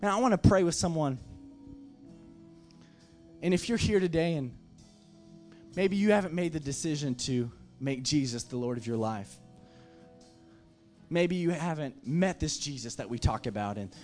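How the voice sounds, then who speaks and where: A man's voice: a little high, lively intonation, normal speed, a little mellow, faint music behind. A man preaching a sermon as pastor, impassioned, with emphatic repeated phrases.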